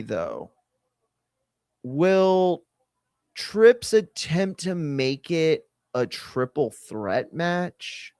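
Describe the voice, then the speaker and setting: A man's voice: fairly high pitch, dry recording. A man hosting a live watch-along, talking casually in a rambling way and often correcting himself mid-sentence. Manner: rambling, self-correcting, conversational. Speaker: host.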